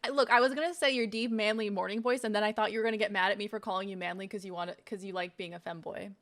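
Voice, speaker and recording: A woman's voice: medium pitch, fairly even intonation, very fast, fairly bright tone. A young woman streaming, chatting casually and swearing a lot while she tastes snacks. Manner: chatty, swearing, laughing, talking while eating. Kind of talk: casual unboxing stream chat.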